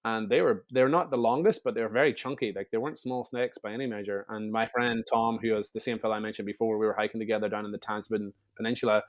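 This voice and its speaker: Fast-talking man. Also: lowish voice, fairly even intonation. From Northern Ireland. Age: 30s. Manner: quick, chatty, full of fillers and restarts. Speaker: guest. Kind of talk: casual storytelling interview.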